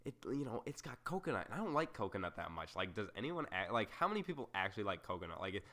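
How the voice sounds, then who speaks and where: This young podcast host speaks on the low side with big pitch swings, a quick pace, and a pushed, bright tone. Alone at the mic, he wanders off on tangents, leans on fillers, and pokes fun at himself.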